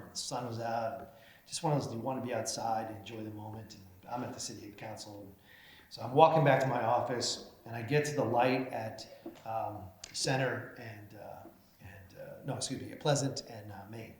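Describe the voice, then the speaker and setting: A middle-aged man, a mayor, giving an award acceptance speech as a folksy storyteller with hesitant fillers, into a podium microphone in a large event hall. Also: mid-range voice. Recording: echoey hall, faint noise.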